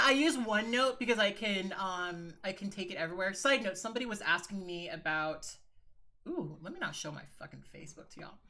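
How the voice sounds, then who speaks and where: A woman's voice: medium pitch, pushed and bright. A woman in a casual livestream, chatting frankly with viewers, swearing freely and calling them girl and sis. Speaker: livestreaming video creator.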